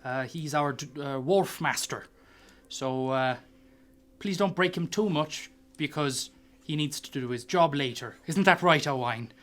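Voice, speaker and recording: A man's voice: a little high, unhurried, fairly bright tone. Bloke voicing a chatty gnome lady, bit hesitant, friendly organiser type. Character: gnomish woman, brisk friendly organiser.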